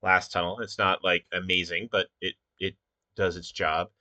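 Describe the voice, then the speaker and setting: A man thinking aloud while he builds a word puzzle, muttering with many pauses and fillers. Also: low voice, level tone, sharp tone, no echo. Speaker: puzzle maker. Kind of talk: casual think-aloud commentary.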